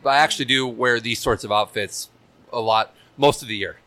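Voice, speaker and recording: A man's voice: mid-range voice, a little fast, pushed and bright. A man guesting on a talk show, describing himself with dry, self-deprecating humor in a public market. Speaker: business founder, guest. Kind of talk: casual interview chat.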